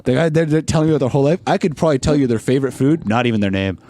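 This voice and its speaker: A man's voice: mid-range voice, rapid-fire, a little mellow, no room sound. A young man in his twenties talking casually as a podcast guest. He acts out voices in his stories and laughs often. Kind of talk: casual chat.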